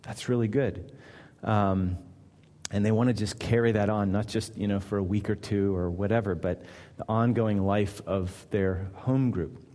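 A man's voice: lowish voice, fairly even intonation, moderate pace, dark tone. Man preaching in a reverberant hall. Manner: conversational, builds to emphatic repetition. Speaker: pastor. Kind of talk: sermon. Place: church sanctuary.

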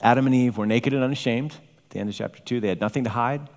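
A man's voice: medium pitch, quick pace. A man preaching a sermon with emphatic, varied delivery, rising to exclamations. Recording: long hall reverb.

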